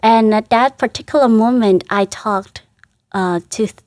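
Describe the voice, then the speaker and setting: A woman's voice: a little high, darkish tone, no echo, studio quality. Earnest woman, religious sister guest. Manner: earnest, halting, emotional recollection. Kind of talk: interview conversation.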